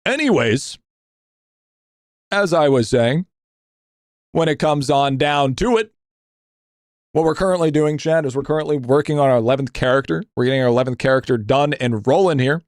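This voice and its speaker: A man's voice: moderate pace, pauses often, dry recording, studio quality. A young man live-streaming a game, ranting casually with lots of swearing, stammered restarts and repeated phrases, his voice climbing when he vents. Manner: profane, rambling, repeats himself with stammered restarts; animated, voice jumps higher when venting. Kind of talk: casual live-stream rant, reading chat.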